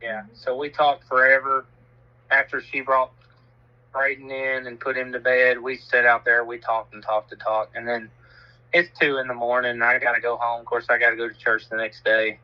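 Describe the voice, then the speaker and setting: A man's voice: mid-range voice, level tone, normal speed, lo-fi sound. A man, telling a self-mocking story in casual chat and swearing freely. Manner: laid-back, laughs at himself, swears freely.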